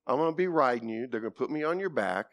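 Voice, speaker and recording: A man preaching, voicing Jesus as he calmly reassures a young colt in a soft, low voice. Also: a little fast. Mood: soothing. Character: calm gentle Jesus soothing a young colt.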